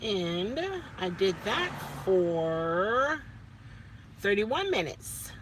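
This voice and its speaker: A woman's voice: fairly low pitch, fairly bright tone, slight background noise. A woman rideshare driver chatting casually to her vlog from inside her car, rambling with little self-talk asides.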